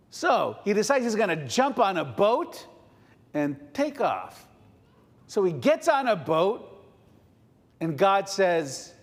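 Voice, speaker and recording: A man's voice: high voice, very animated, takes it slowly, long pauses. Playful man telling a story animatedly. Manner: playful, talks directly to the audience. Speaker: storyteller at a family service. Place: synagogue sanctuary. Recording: long reverb of a large hall.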